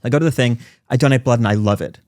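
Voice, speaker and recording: A man in his forties, a podcast guest telling stories in fast, animated conversation. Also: medium pitch, dry recording, studio quality. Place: recording studio.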